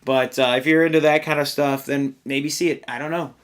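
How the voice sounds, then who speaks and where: A man's voice: fairly high pitch, fairly even intonation, fairly quick, a bit bright. A man giving a casual spoken film review, rambling with many fillers and getting exasperated and swearing when worked up. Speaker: movie reviewer.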